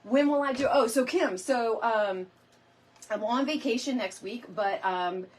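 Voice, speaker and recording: A woman's voice: fairly high pitch, unhurried. Chatty middle-aged woman with a cough. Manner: chatty, rambling, addresses viewers as y'all. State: lingering cough. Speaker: DIY crafting host. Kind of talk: casual live-stream chat while crafting.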